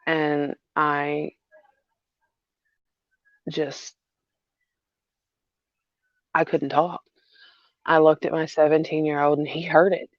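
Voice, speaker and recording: A mother talking through a hard personal story in a halting way, repeating herself with many fillers. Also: sits low, level tone, no echo, muffled recording. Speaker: mother vlogger. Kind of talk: emotional personal vlog.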